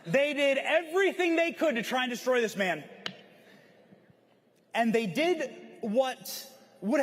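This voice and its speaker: A man giving an impassioned, preachy rally speech to a crowd at a conference, often shouting. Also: very high-pitched, breathy edge. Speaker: conference speaker. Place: large event hall. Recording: long hall reverb.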